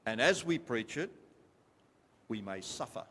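A man's voice: medium pitch, sing-song, a little slow, pushed and bright, breathy edge. A man preaching a sermon to a congregation, emphatic and repetitive, stopping to ask them questions. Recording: long reverb of a large hall.

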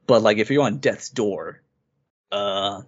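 On dull lo-fi audio, a man with a lowish voice speaks slowly. As a podcast co-host in a casual game review discussion, he retells the game's story with eager, meandering enthusiasm.

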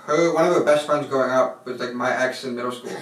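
A man's voice: medium pitch, fairly even intonation, fast. A man, the hosts' manager, chatting as a guest in a laid-back, wry, self-mocking way. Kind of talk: casual chat. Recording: echoey room, mic at a distance.

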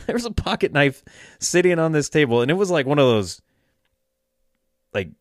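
A man's voice: fairly high pitch, big pitch swings, measured pace, no room sound, studio quality. A young man telling a long, rambling story in casual chat, with lots of fillers and swearing, often breaking into laughter.

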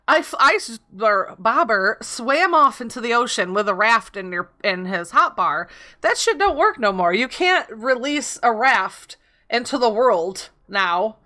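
Woman co-host, bright and animated, recounting game nights casually. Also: fairly high pitch, measured pace. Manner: animated storytelling with laughter. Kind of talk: casual gaming chat.

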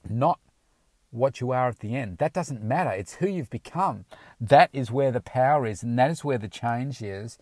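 A man coaching his listeners in an emphatic, motivational way, driving points home with repeated affirmations. His voice sits at an ordinary middle pitch. The recording is dry and close, with no room sound. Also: animated, normal speed, darkish tone, no room sound. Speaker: weight-loss coach. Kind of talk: motivational talk.

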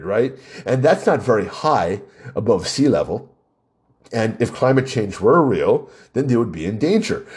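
A man's voice: mid-range voice, a little mellow. A man hosting his own podcast, talking in a rambling, argumentative way full of rhetorical questions. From Hawaii. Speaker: podcast host. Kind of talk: casual solo podcast monologue.

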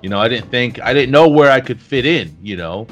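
A man's voice: medium pitch, lively intonation, dull audio, soft background music. A middle-aged man co-hosting a podcast, talking reflectively in casual chat with frequent restarts. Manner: reflective, halting with restarts and fillers. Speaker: podcast co-host.

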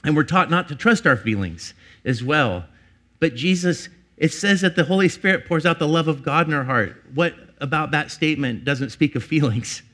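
A man's voice: fairly high pitch, normal speed, a bit bright. A middle-aged man, a pastor, preaching in church in a candid, conversational way, telling a personal story with frequent restarts. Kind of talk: sermon.

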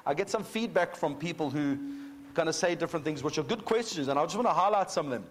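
A man teaching a Bible sermon in a conversational way, checking in with his listeners and reading scripture slowly. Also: on the high side, animated, noisy background. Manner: conversational, often checking in with 'okay?'; reads scripture slowly and deliberately. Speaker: pastor.

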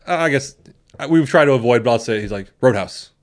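A man's voice: medium pitch, fast. A man co-hosting a podcast, telling a party anecdote in casual chat, swearing freely and acting out what others said. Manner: profane, animated anecdote teller acting out quotes. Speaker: podcast co-host.

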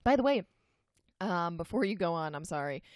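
A woman's voice: lowish voice, expressive, moderate pace, dry recording, studio quality. Chatty woman podcast co-host. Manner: chatty, giggly. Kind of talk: casual chat.

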